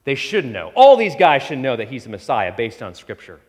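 A man preaching a sermon with lively delivery, acting out Bible figures when he quotes them. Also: mid-range voice, brisk, in a large hall. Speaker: pastor.

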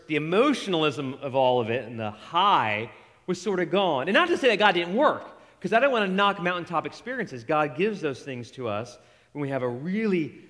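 A man in his forties preaching a sermon, retelling scripture with lively acted-out dialogue and casual asides. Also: a little high. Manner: animated storytelling, acts out quoted dialogue. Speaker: pastor. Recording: long hall reverb.

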